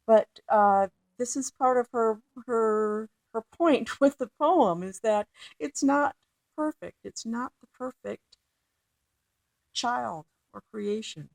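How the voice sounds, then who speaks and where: A woman's voice: on the high side, gravelly, a little mellow, no room sound. A woman teaching poetry, reading a poem aloud and then explaining its meter with frequent fillers and restarts. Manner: slow, halting, with many fillers and restarts. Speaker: literature teacher. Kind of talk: recorded lecture with poem reading.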